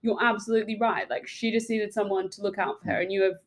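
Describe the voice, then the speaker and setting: A woman's voice: medium pitch, flat delivery, fast talker. Encouraging woman hosting a podcast. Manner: warm, encouraging, reacts emotionally. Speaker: podcast host and mental health first aid trainer. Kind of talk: casual interview chat.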